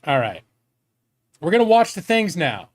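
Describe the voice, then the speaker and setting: A man's voice: high voice, sing-song, moderate pace, no echo. A man in his forties chatting casually on a live stream, rambling and candid, swearing freely and joking at his own expense. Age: 40s.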